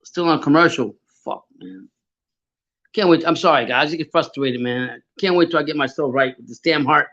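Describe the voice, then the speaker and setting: A man's voice: fairly high pitch, moderate pace, a bit bright, dull audio. A man hosting a live fight reaction stream, swearing, stammering and answering chat comments.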